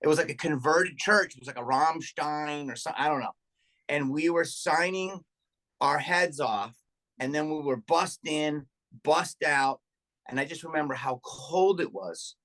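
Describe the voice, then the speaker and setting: A middle-aged man, a comedian and podcast guest, telling profane, animated stories in casual chat and acting out what people said. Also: on the high side, moderate pace. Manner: profane, animated anecdote telling with acted-out quotes.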